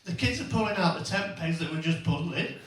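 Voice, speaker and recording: A man's voice: sits high, lively intonation, fast. A man works a comedy club stage, spinning crude family anecdotes and tossing tag questions at the crowd. His voice leaps up and down. The sound is echoey and distant, with a little noise underneath. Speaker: stand-up comedian. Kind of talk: stand-up comedy routine. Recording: echoey venue, mic far off.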